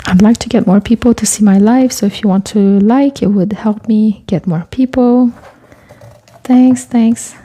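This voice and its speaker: A Quebec woman with a slightly high voice and an unhurried pace livestreams from her home art studio as she crafts. She chats casually, greets viewers by name, and her soft-spoken talk often sinks to a whisper while she works.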